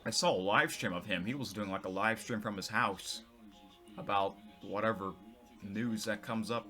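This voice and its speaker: A man with a lowish, bright-toned voice chats casually as he reads through posts, often restarting and correcting himself mid-sentence. Faint music plays underneath. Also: moderate pace. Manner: rambling, many restarts and self-corrections. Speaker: vlogger reading tweets. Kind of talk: casual commentary.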